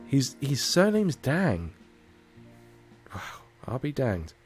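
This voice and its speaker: A man's voice: medium pitch, wildly swooping pitch, takes it slowly, a little mellow, soft background music. Playful man reading a visual novel. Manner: playful asides. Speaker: storyteller playing a visual novel. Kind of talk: casual playthrough narration.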